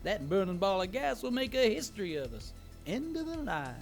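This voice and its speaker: A man voicing a wild, manic male cult leader who preaches in a shouty sing-song. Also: sits high, very animated, fairly quick, gravelly, faint music behind, pitched above the performer's own voice, exaggerated voice. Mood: manic preaching.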